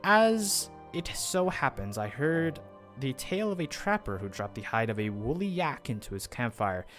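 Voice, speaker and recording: A man voicing a composed noble male knight in measured, courtly phrasing. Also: mid-range voice, big pitch swings, fairly bright tone, soft background music. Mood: commanding.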